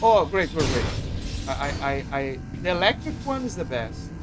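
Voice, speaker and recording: A man talks casually while he streams a game, wandering through his thoughts with frequent restarts and fillers. His voice sits high and swings widely in pitch. Game music plays clearly beneath him. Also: sing-song, normal speed. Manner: rambling, many restarts and filler. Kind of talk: casual gameplay commentary.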